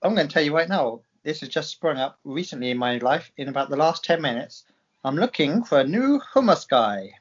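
A man's voice: a little high, expressive, a little fast, husky, highs cut off. A man co-hosting a podcast in casual chat, sarcastic and teasing, swearing freely. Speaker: podcast co-host.

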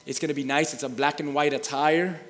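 This pastor's voice sits a little high and moves briskly as he gives church announcements. Repeated stammering restarts give way to shouting and laughing as he whips the congregation into sermon-like excitement, all echoing with long reverb through a large hall.

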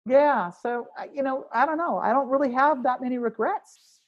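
A woman's voice: high-pitched, moderate pace, dull audio. A woman musician talking casually in an interview, rambling with restarts as she thinks aloud. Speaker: musician guest.

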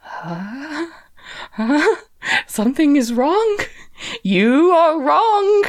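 A woman voicing a small, jittery male pumpkin-headed vine creature in a tabletop game, shrill and panicky. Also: big pitch swings, very slow, exaggerated voice. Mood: alarmed.

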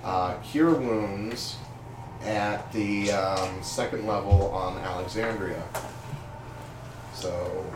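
A player in a tabletop game, announcing moves hesitantly with many pauses. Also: sits low. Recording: roomy, distant mic with background music.

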